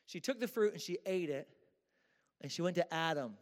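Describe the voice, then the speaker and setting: A man's voice: a little high, expressive, moderate pace. A man preaching a sermon in a church, casual and joking with slang. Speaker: pastor. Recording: echoey church hall.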